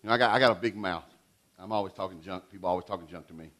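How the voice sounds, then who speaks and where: A middle-aged man preaching a sermon in an animated way, swinging between loud and hushed delivery. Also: low-pitched, rapid-fire. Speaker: pastor.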